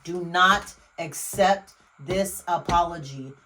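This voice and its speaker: A woman's voice: on the low side, a little hiss or hum, rough recording. A woman giving a casual tarot reading, blunt and emphatic, swearing freely and talking straight to the viewer. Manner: exclamatory, quick swings in loudness. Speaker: tarot reader.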